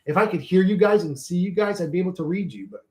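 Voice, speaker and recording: A high-pitched man speaks at a quick clip as he hosts a relaxed livestream. He goes through chat comments and launches into rambling, heated rants full of profanity.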